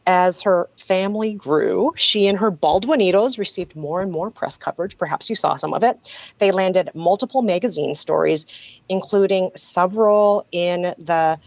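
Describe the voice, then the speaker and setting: A woman's voice: on the low side, normal speed, vocal fry, a little mellow, dry recording, poor audio. A woman guest on a podcast, telling a story in a sardonic, casual way and laughing often.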